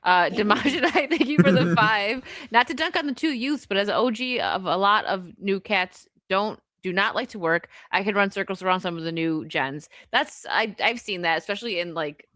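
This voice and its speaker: An American woman hosts a live stream, reading viewer super chats aloud and chatting with her co-hosts. She laughs easily and keeps things loose, and her voice sits at an ordinary middle pitch on a dry, close microphone. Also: expressive, normal speed, few pauses, fairly bright tone, no echo. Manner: chatty, laughs often, reads donor messages aloud. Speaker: host.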